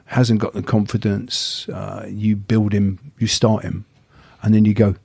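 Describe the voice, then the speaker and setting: A man's voice: lowish voice, little pitch movement, a little slow, gravelly, darkish tone, husky, no echo. An older man, a martial arts teacher telling stories as a guest in a casual interview, often stammering on the first sounds of words.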